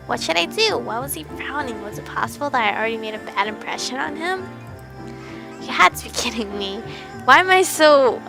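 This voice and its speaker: Young woman streamer, bright and a bit high, giggly narrator with music under. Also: poor audio. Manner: playful, giggly asides between narration. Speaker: game streamer. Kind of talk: reading a visual novel aloud with reactions.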